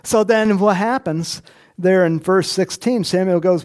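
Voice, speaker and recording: This pastor's voice is high and a little mellow, and he takes his time. His sermon unfolds as a relaxed story, full of direct remarks and asides to the congregation, and he gives Bible characters their own voices as he acts them out.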